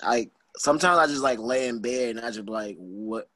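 A young man, a wrestler guest, talking in a rambling, filler-heavy, excitable way in an interview. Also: medium pitch, brisk, no echo. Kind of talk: casual interview.

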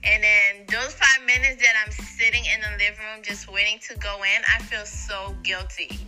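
Very bright, animated mom guest. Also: female voice, mid-range voice, moderate pace, soft background music, poor audio. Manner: animated and emphatic, laughs easily. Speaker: podcast guest, fellow host. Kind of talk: casual podcast chat.

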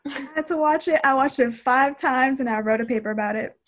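A young woman, a college student, co-hosting a casual podcast chat over a video call, eager and excitable. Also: high voice, a little fast. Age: young adult. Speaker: podcast co-host.

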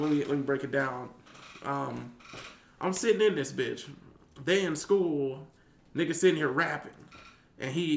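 A man's voice: roomy sound, slight background noise. A man, a youth detention worker, telling a story in casual chat and acting out the quotes with big jumps in his voice. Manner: animated, acts out quotes with big pitch jumps. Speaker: guest.

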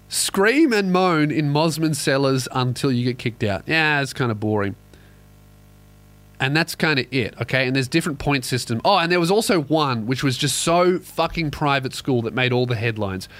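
A young Australian man with a fairly high voice rants sarcastically through a close, dry mic. He's profane and animated, with a comic podcast delivery. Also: dry recording. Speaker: podcast host, comedian. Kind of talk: comedic rant.

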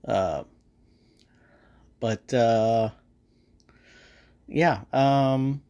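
A man's voice: medium pitch, expressive, slow pace, pauses often. A man hosting a podcast and giving a casual, rambling movie review, full of swearing and hesitant fillers. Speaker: podcast host.

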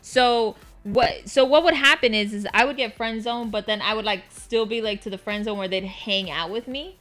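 Brief: young woman host, bright voice, foul-mouthed casual chat, faint music behind. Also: a little high, moderate pace. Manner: swearing, candid, chatty. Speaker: host streaming a game.

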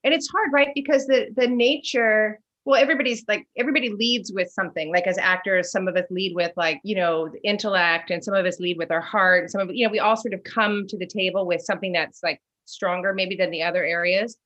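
A middle-aged woman from Southern California, an actor chatting casually as a podcast guest, self-deprecating and quick to laugh, acting out her own past reactions. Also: medium pitch, dull audio. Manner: chatty and self-deprecating, laughs often, quotes herself in lively voices. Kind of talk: casual interview chat.

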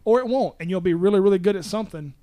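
Young Southern-accented man, higher pitch, rambling storyteller, dry close sound. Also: racing, mellow, no room sound. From Southern United States. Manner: rambling, self-correcting storyteller. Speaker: musician guest. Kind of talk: casual interview chat.

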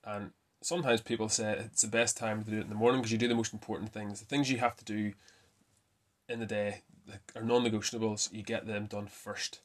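A man hosting a casual fitness talk, chatty and quick to correct himself with a laugh. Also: lowish voice, flat delivery. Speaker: fitness podcast host. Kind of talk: casual myth-busting talk.

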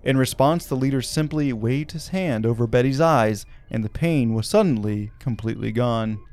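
A man's voice: mid-range voice, normal speed, a little mellow. Wry male podcast storyteller. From Arkansas. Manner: wry, laughs at his own asides. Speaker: podcast host. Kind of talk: storytelling with jokes.

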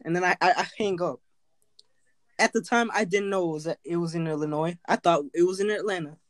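A man's voice: high voice, brisk, no echo. A man co-hosting a podcast, sheepish and laughing at himself in casual chat. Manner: sheepish, laughing, self-mocking.

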